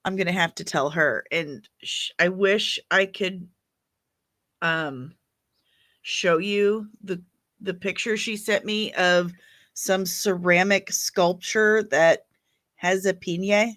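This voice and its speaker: A woman's voice: fairly low pitch, slow, fairly bright tone. A woman hosting a casual livestream, chatty and opinionated as she reacts to viewer comments. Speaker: livestream host reading chat.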